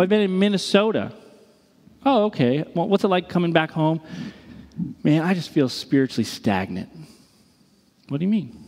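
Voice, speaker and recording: A man in his thirties, a pastor preaching a sermon, telling stories in an animated way and acting out the people in them. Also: high-pitched. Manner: animated storytelling with quoted voices. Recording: reverberant hall.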